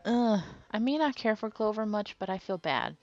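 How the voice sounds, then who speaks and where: A woman's voice: medium pitch, lively intonation, moderate pace, a little mellow, lo-fi sound, soft background music. A young woman hosting a let's play, reading game text and reacting with strong, outspoken emotion. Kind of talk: casual game commentary and reading.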